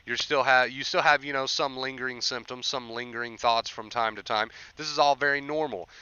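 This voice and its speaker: A man's voice: medium pitch, steady tone, a little fast, sharp tone, smooth, lo-fi sound. A young man hosting a casual livestream, encouraging viewers about anxiety recovery and reading chat aloud.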